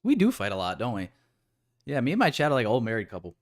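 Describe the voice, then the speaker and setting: A man's voice: medium pitch, huge pitch swings, fast. A man streaming live while day trading, bantering with his chat in a joking, profane, casual way.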